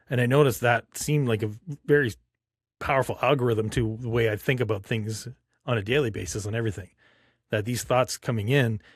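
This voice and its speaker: A man's voice: on the low side, slightly rough, no room sound, studio quality. A man hosting a podcast, talking in a reflective, rambling way with many fillers. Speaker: podcast host. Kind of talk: casual chat.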